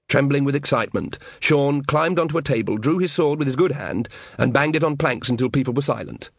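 A man narrating an audiobook in an expressive, dryly witty way. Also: mid-range voice, a little fast, creaky, hardly any pauses, husky, no room sound.

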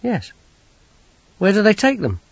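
A man's voice: high-pitched, wildly swooping pitch, measured pace, dry recording, highs cut off, voice pushed up, exaggerated voice. A man voicing a stern, weary young woman in an audiobook, clipped and wry. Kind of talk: audiobook character voice.

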